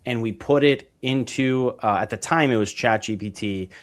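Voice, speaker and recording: A man of middle pitch chatting as a podcast guest. He talks in a loose, enthusiastic way, piling up fillers and restarting his sentences as he explains his work. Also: moderate pace. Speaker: podcast guest, real estate investor. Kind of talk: casual interview chat.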